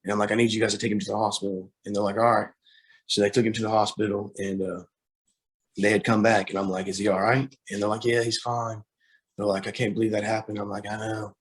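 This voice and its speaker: A young man, a guest on a talk show, telling a hard personal story, halting with fillers and restarts, close to tears at times. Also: fairly low pitch, little pitch movement. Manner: halting, with many fillers and repeated starts.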